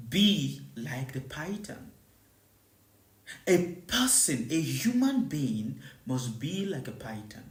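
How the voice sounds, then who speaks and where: Spiritual teacher preaching live, repeats stuff a lot, keeps asking do you understand, bouncy pitch, echoey room. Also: darkish tone. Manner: repeats rhetorical questions to listeners; repetitive, emphatic preaching.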